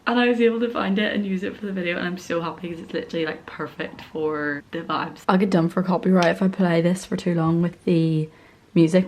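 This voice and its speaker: Casting: woman, 20s, student vlogger, lower pitch, chatty and excitable, faint background hiss. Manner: chatty, excitable, swears casually. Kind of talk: casual vlog chat.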